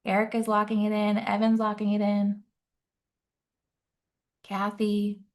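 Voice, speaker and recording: A woman's voice: medium pitch, completely flat delivery, measured pace. A woman nurse practitioner teaching a live exam-prep webinar, upbeat and quizzing the audience, often checking in with "right?".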